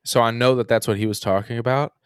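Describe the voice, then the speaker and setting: Fast-talking and steady, a young Kentucky man who plays music rambles through casual stories on a podcast, his speech thick with "like" and "um." His medium-pitched voice is clear and resonant on a dry close mic with no room sound.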